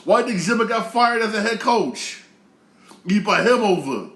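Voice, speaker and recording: A man's voice: high-pitched, animated, unhurried, a bit bright, roomy sound. A man hosting his own show, rambling through a casual sports rant with many fillers and taunts. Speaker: show host.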